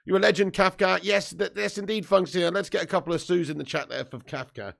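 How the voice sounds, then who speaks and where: A man's voice: high-pitched, steady tone, fairly quick, gravelly, a bit bright. A man, just woken up and hosting a sweary, jokey live football watch-along, reading out viewer comments. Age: 30s. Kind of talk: casual live-stream chat and match commentary.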